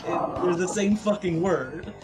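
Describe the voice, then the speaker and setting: A man's voice: high-pitched, unhurried, music in the background. A man in a casual stream chat, talking in rambling restarts with a wry, joking edge.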